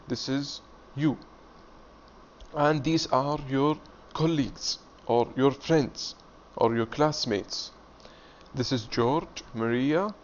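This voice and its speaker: A man teaching an English reading lesson, explaining slowly and repeating himself step by step. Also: medium pitch. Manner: slow, repetitive, explaining step by step. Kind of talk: classroom video lesson. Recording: dull lo-fi audio with faint hiss.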